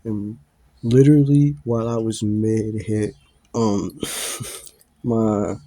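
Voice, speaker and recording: A man's voice: mid-range voice, mellow. A man laughing through a rambling story. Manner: laughs often between lines, swears freely; rambling, with many fillers and restarts. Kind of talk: casual storytime.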